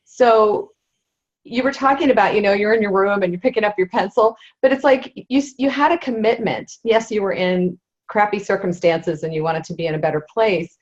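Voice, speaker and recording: A woman's voice: mid-range voice, moderate pace. A woman hosting an interview, speaking in an emotional, effusive way and often searching for her words. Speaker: host, interviewer. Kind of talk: casual interview. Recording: dull lo-fi sound.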